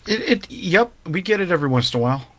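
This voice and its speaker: A man's voice: sits high, animated, quick pace, fairly bright tone. A man co-hosting a radio talk show, giving short, easygoing replies. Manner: laid-back, short replies, laughs easily. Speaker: co-host. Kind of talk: casual on-air chat.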